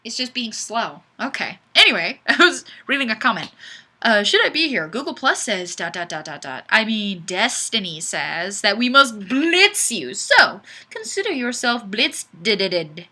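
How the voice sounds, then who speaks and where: A playful woman hosts a live webcam chat and reads viewer comments with a giggly, sing-song delivery. Her voice sits fairly high and bright, and her pitch swings widely. She takes her time, speaking at an unhurried pace. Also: big pitch swings. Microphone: webcam microphone.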